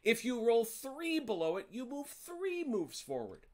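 A man's voice: very high voice, wildly swooping pitch, measured pace. A man hosting a tabletop wargame, walking his players through the rules in a chatty way, often correcting himself mid-sentence and dropping wry jokes. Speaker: wargame host explaining rules. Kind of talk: casual rules explanation to players.

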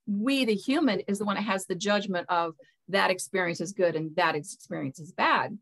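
A woman with a mid-range, slightly bright voice speaks at a normal speed, though the audio quality is poor. She's a spiritual mentor being interviewed, earnest and loose in manner, often repeating words as she searches for how to put things. It's casual interview talk.

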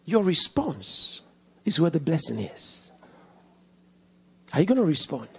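Husky-voiced pastor, dramatic slow sermon. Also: male voice, fairly high pitch, big pitch swings. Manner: dramatic, swings from loud questions to hushed whispers; slow, deliberate emphasis with repeated lines. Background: congregation answering and laughing.

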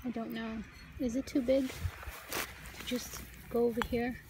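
A chatty woman with a somewhat high voice talks through a casual paranormal vlog, addressing her viewers directly. She is filmed outdoors in a cemetery. The recording carries clear outdoor background noise. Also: flat delivery, slow. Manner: chatty, addresses viewers as you guys and y'all. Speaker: paranormal vlogger.

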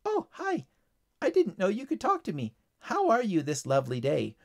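A man voicing a cheerful tiny talking bird in a storybook reading, in a chirpy, bright way. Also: sits high, huge pitch swings, moderate pace, vocal fry, voice pushed up, heavily acted.

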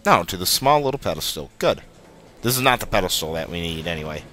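A man's voice: deep voice, big pitch swings, fast, pushed and bright, soft background music. A young man casually commenting while he plays a video game, chatty and muttering at the game. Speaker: let's play host.

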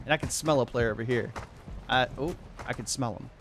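A man giving excited, laughing commentary over his own gameplay as a video host, jumping between shouting and muttering. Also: medium pitch, a little fast, soft background music. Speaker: gaming YouTuber.

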